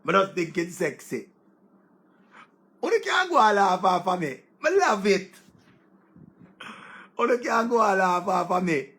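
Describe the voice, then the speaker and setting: A Jamaican man hosts a show, talking loosely in Patois-laced English in a fairly high, gravelly, rasping voice. He's unhurried and pauses often, yet gets excitable, repeating words and crying out.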